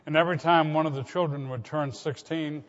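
A man's voice: on the high side, steady tone, fairly quick. An older man, a pastor delivering a sermon in an earnest way, asking his congregation direct questions. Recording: dull recording with long hall reverb.

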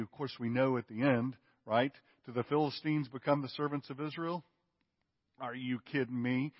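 A man's voice: mid-range voice, steady tone, normal speed, no room sound, long reverb tail, lo-fi sound. A man preaching a sermon in an emphatic, conversational way, often checking in with his listeners. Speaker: pastor.

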